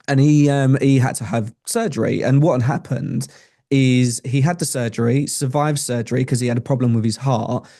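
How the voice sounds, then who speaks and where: A man's voice: medium pitch, fairly even intonation, moderate pace, warm tone. A young adult man, a podcast guest telling a personal story in an earnest, conversational way with frequent restarts. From England.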